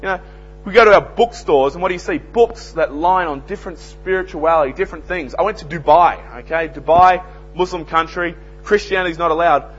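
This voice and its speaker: A man's voice: a little high, a little fast, a bit bright. An earnest young Australian man preaching an evangelistic sermon, telling plain-spoken anecdotes. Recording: dull lo-fi recording with faint hum.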